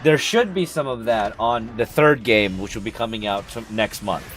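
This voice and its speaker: A man's voice: lowish voice, moderate pace, fairly bright tone, slight background noise. Profane ranting man on a game stream. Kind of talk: casual live-stream chat.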